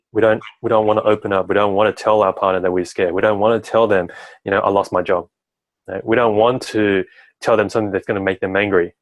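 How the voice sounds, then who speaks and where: Man, relationship coach, low-pitched voice, chatty advice-giving, keeps saying "right?", dry sound. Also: dry recording, low-quality recording. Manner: talkative, tags sentences with "right?".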